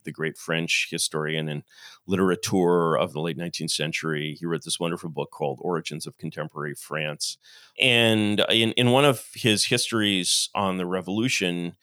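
Middle-aged male podcast guest, low-ish voice, animated lecturer who acts out quotes, dry close sound. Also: no room sound. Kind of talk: long-form interview monologue.

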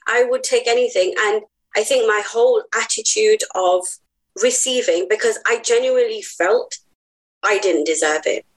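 A woman's voice: medium pitch, normal speed, low-quality recording. A woman guest on a podcast, earnest and heartfelt as she tells her personal story. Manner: earnest, heartfelt, laughs easily.

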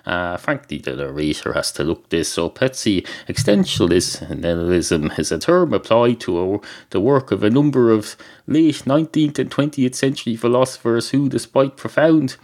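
A man's voice: medium pitch, moderate pace. A man with an Irish accent, hosting a podcast and telling a rambling comic story full of asides and restarts. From Ireland. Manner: meandering, self-interrupting, deadpan. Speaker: podcast host.

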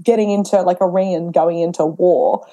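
A young pregnant woman telling stories as a podcast guest in a casual, animated way, acting out her own past dialogue. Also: lowish voice, moderate pace. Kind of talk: casual interview chat.

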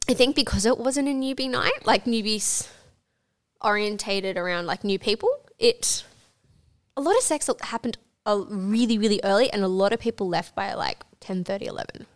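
A woman's voice: mid-range voice, lively intonation, moderate pace. A young woman co-hosting a podcast, talking candidly and giggling, with lots of fillers. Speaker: podcast co-host. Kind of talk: casual chat.

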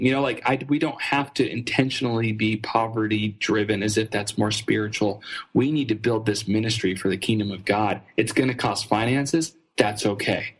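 Man, husky voice, earnest, animated storytelling, guest trainer, restarts often. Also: on the low side, normal speed. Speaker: ministry fundraising trainer, guest. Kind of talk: conversational storytelling interview.

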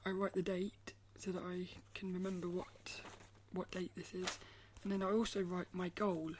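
A woman artist talking casually to camera, soft-spoken and often dropping into a breathy half-whisper, rambling and restarting her phrases. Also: on the low side, flat delivery, moderate pace, background noise. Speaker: artist vlogger.

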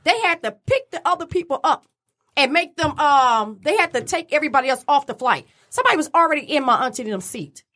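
A woman telling a story in casual chat, animated and swearing freely as she acts out quotes. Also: high-pitched, fast.

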